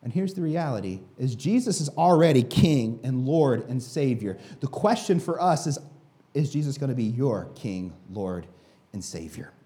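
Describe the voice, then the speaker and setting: Animated man preaching, mellow tone. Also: medium pitch, normal speed. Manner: animated, emphatic, addresses the congregation directly. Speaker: pastor. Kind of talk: sermon.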